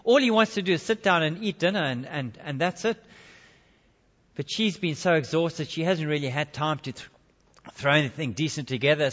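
A man preaching, telling a story in a dramatic way that swings between loud and hushed, recorded with a dull lo-fi sound and long hall reverb. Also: fairly high pitch. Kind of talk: sermon storytelling.

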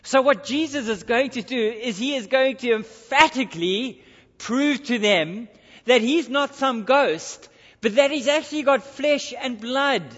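A man's voice: very high voice, measured pace, a bit bright. A male pastor preaching a sermon in church, emphatic and repeating his key phrases. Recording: dull recording with long hall reverb.

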